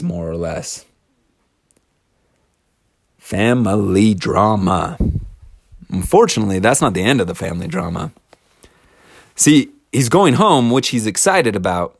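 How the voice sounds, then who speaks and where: A man's voice: lowish voice, vocal fry, no room sound, clean studio sound. Chatty man teaching scripture casually. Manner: chatty, slangy asides.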